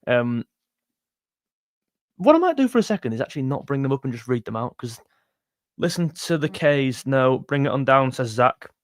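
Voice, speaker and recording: A young man hosting a music channel's livestream reads viewer comments aloud, joking around casually and calling people "mate." His mid-range voice swings widely in pitch, at a normal speed with frequent pauses, and the recording is dry and studio quality.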